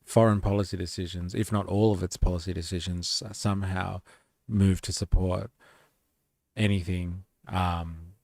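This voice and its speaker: Male streamer, very low gravelly voice, dry close sound, casual and sweary. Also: flat delivery, moderate pace, a little mellow, no echo. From Australia. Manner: casual, swearing, reading chat aloud. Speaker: live stream host. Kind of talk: casual live stream commentary.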